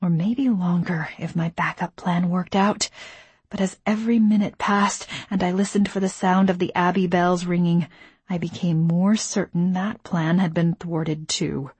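Husky low-voiced woman narrating an audiobook. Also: steady tone, measured pace, darkish tone, no echo. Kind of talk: first-person audiobook narration.

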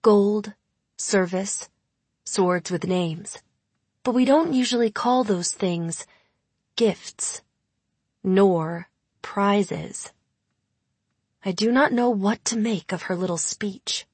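Brief: female audiobook narrator, unhurried, soft and airy, dry studio sound. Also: mid-range voice, husky, no room sound. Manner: measured, intimate storytelling. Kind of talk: first-person audiobook narration.

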